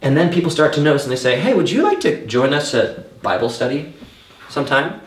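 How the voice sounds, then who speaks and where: A man preaching a sermon, telling his own story in an animated way and acting out the thoughts he had back then. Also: fairly high pitch, fairly quick. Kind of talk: sermon with personal testimony. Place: church hall. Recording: echoey room, mic at a distance.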